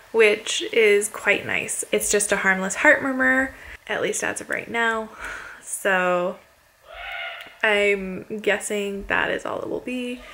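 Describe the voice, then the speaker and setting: A woman's voice: medium pitch, gravelly, pushed and bright. A woman vlogging to camera in a casual, chatty way, relieved after good news.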